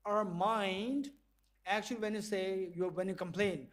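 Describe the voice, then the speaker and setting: High-voiced man leading a playful lecture. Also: steady tone, measured pace. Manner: playful, acts out dialogue in small voices and laughs often. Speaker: visiting professor lecturing. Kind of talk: interactive lecture with group exercise. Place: lecture hall.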